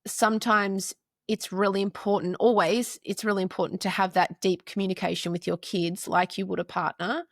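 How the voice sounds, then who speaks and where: A woman in her forties, a mother and counselor, is a guest on a podcast, chatting in a relaxed interview. Her mid-pitched voice carries a gravelly vocal fry, and she speaks earnestly, stringing together long lists of short phrases. The recording is close and dry.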